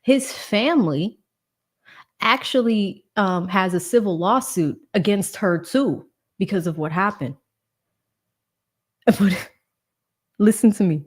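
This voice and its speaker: Female livestream host, true crime commentary; indignant, emphatic, slow and deliberate delivery. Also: medium pitch, husky. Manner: indignant, emphatic, talks straight to viewers.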